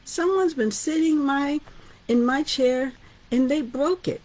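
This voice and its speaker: A woman's voice: high-pitched, slow pace, a little mellow, pitched above the performer's own voice, low-quality recording. A woman voicing a whiny, tearful little bear cub in a retold fairy tale. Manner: whining.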